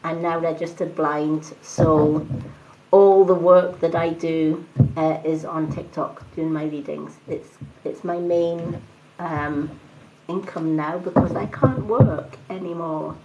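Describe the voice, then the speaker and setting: A woman's voice: deep voice, fairly even intonation, slow pace, dark tone. A woman with a Scottish accent mixed with other British influences, giving chatty live-stream card readings and thanking her viewers. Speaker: tarot card reader. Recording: dull lo-fi sound with faint noise.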